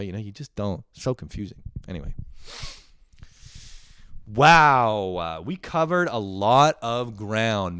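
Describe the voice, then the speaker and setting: A man hosting a casual comedic solo rant, excitable and profane, laughing often and buzzing on coffee. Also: fairly low pitch, takes it slowly, long pauses, clean tone, no echo, clean studio sound. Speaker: host.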